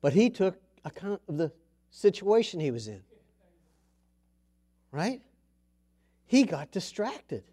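A middle-aged man preaches in a high voice. He talks slowly and reads scripture aloud with deliberate weight. His volume jumps to loud bursts and then drops low. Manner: animated, with sudden loud bursts and soft drops; slows down to read scripture aloud. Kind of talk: sermon.

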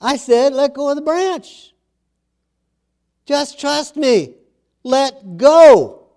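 A man voicing a calm, patient God. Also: very high voice, pitched above the performer's own voice, full character voice. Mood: reassuring. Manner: calm, reassuring, unhurried.

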